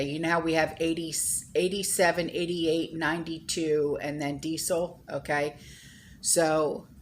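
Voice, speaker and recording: A woman with a deep voice chats casually with viewers on her own channel, rambling and peppering her talk with "you know" and "okay?". A slight hiss or hum can be heard.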